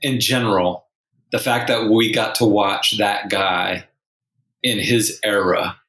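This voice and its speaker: A man's voice: lowish voice, fairly even intonation, takes it slowly, fairly bright tone. A male sportswriter co-hosting a podcast, talking in a wry, rambling way with many restarts. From San Antonio, Texas. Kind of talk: casual sports discussion. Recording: roomy echo.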